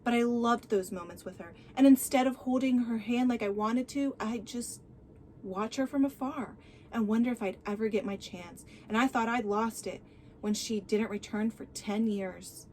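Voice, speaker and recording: A woman's voice: a little high, moderate pace, darkish tone, slight background noise, lightly acted. A woman reading the lines of a smug, scheming young man who plays the sweet romantic. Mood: falsely sweet. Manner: smooth, falsely sweet.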